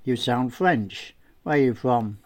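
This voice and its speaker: A man's voice: medium pitch, animated, measured pace, natural voice. A man voicing an earnest, talkative young man in his twenties in a story reading. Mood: chatty.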